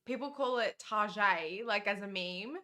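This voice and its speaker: A woman's voice: mid-range voice, a little slow, sharp tone. A young woman co-hosting a live stream, chatting playfully and laughing often. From Australia. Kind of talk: casual live-stream chat.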